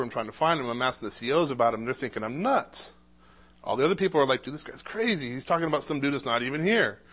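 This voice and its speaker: A man with a mid-range, slightly bright voice shares a personal testimony about his own life. He speaks casually and conversationally, often saying "uh" and restarting his sentences.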